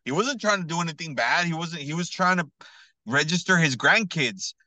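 A man's voice: on the high side, normal speed, dry recording, rough recording. Slangy man telling an earnest story. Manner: slangy, fills talk with "bro" and "you know what I mean"; earnest, builds to excited emphasis. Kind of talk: casual storytelling.

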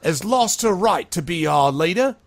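A man's voice: high voice, lively intonation, moderate pace, pitched above the performer's own voice. Man doing a rabble-rousing street crook. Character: scheming male street criminal rousing a crowd.

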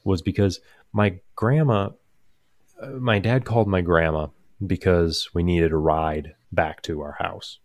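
Deep-voiced young man telling a rambling story. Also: unhurried, dry recording, clean studio sound. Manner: rambling, amused, lots of fillers and restarts. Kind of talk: casual storytelling chat.

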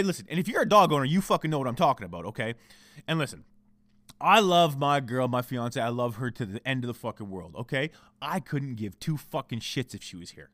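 A man's voice: high-pitched, fairly bright tone, dry recording. A young Canadian man hosting a solo podcast from home, ranting in a profane, heated and confessional way, cranky. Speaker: podcast host.

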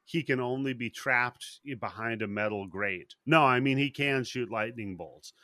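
Podcast dude rambling thru a movie recap, swears a lot, dry close sound. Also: male voice, medium pitch, normal speed, pushed and bright, no echo. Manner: profane, rambling storyteller. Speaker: podcast host.

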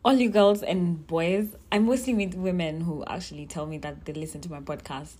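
Chatty young woman, lowish voice. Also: normal speed, a little mellow, slightly rough. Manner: chatty, rambling, self-interrupting. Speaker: podcast host. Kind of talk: casual solo podcast chat.

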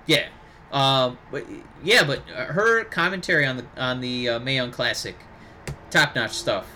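A man co-hosting a podcast in casual chat, talking animatedly and breaking into excited impressions. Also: mid-range voice, a little slow, a little hiss or hum. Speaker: podcast co-host.

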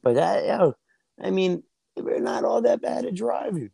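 Recorded dry on earbuds at an outdoor barbecue, a podcast guest from New Jersey chats casually, restarting sentences and laughing easily as he tells stories. His high-pitched voice is very animated, creaky, mellow and slightly rough, at normal speed.

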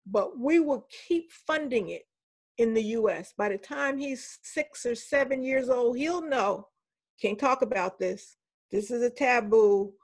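An older woman with a slightly high voice tells stories from her teaching life in a relaxed interview. She is animated and slips into the voices of children and teachers as she goes. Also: a little slow. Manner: animated anecdotes, voices the people she quotes. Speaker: professor and interview guest. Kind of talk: storytelling in a conversational interview.

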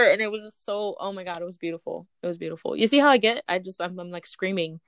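Woman co-host, fan-chat energy, breathless and squealy, crisp dry voice. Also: lowish voice, fast, few pauses, fairly bright tone, no echo. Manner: gushing, breathless, jumps into squeals. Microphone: speakerphone call.

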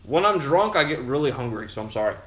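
Tipsy from beer, a young podcast host rambles through a casual monologue packed with swearing and fillers, meandering as he goes. His medium-pitched voice is sing-song and fast, with a roomy echo around it.

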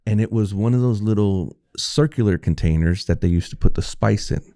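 Low, mellow-voiced man telling a story. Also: a little fast, dry recording, clean studio sound. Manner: rambling, profane, acts out quotes. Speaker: podcast co-host. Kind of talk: casual storytelling chat.

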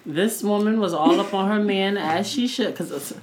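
A woman's voice: medium pitch, normal speed, slight background noise. A woman co-hosting a podcast, telling gossipy stories in casual chat, full of slang and swearing. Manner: animated gossipy storytelling with frequent slang and swearing. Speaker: podcast co-host.

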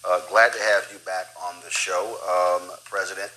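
Emphatic male talk show host, bright voice. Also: low-pitched, steady tone, moderate pace, low-quality recording. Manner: emphatic, exclamatory questions. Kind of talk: news talk show interview.

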